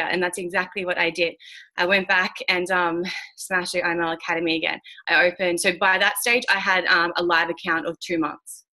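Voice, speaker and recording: Blunt woman, bright lower voice. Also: fairly even intonation, fairly quick. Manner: frank and blunt, swears, many fillers. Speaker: guest speaker mentoring traders. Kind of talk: candid motivational talk on a call.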